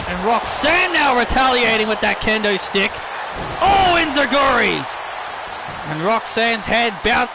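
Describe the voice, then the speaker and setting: A man doing excitable play-by-play wrestling commentary over a video game, yelping at big moves and joking sarcastically about glitches. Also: high voice, noisy background.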